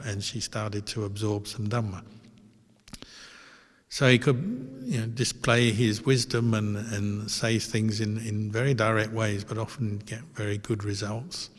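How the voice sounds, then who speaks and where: Male monk, low and gentle, unhurried storytelling teacher; reverberant hall sound. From Australia. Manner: calm, gentle anecdotal telling with fillers. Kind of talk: dharma talk storytelling.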